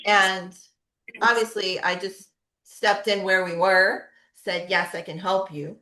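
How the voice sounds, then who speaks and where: Middle-aged woman therapist, talky presenter with a medium-pitched voice, recorded in an echoey room. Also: steady tone, takes it slowly, pushed and bright. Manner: conversational, frequent tag questions. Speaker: pediatric physical therapist. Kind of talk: webinar presentation.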